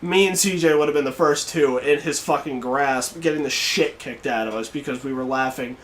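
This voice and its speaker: A young man hosting a podcast, telling a story in casual chat, swearing freely and shouting out the quoted lines. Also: mid-range voice, moderate pace. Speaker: podcast host.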